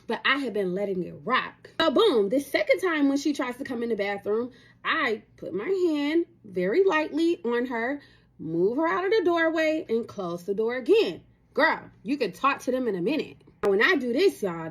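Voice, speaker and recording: Young woman, storytime to camera, high voice, husky, very expressive, talks right to viewers. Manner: animated, talks straight to viewers.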